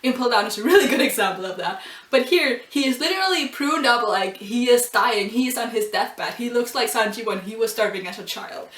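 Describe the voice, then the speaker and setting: A woman's voice: on the high side, animated, brisk, fairly bright tone. Gushing woman reviewer, roomy and distant. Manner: gushing and emotional, with frequent ums and laughs. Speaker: anime and manga reviewer. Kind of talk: casual video review.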